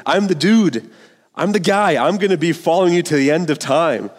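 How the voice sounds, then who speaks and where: A swaggering young disciple boasts in loose slang, his voice pushed well up from its normal pitch, as a male preacher acts him out. The sound carries a long hall reverb. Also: moderate pace, natural voice. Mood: boastful. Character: cocky young male disciple, brash bro.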